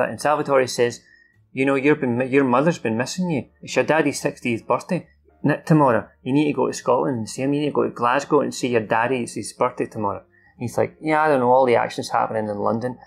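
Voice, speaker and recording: Gravelly man rambling through a film recap. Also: medium pitch. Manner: rambling, many fillers and restarts, swears. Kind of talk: casual off-the-cuff recap.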